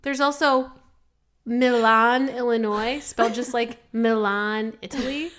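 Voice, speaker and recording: A woman's voice: fairly high pitch, steady tone, a little slow, fairly bright tone. A young woman with a Midwestern American accent co-hosting a podcast in casual chat, giggly and rambling. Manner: giggly, rambling, laughs often. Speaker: podcast co-host.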